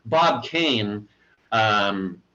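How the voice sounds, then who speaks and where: A man's voice: lowish voice, expressive, very slow, sharp tone. A man co-hosting a podcast, chatting casually about comics in a blunt, opinionated way and often stopping to say um or restart a sentence. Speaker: podcast co-host. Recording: dull lo-fi audio.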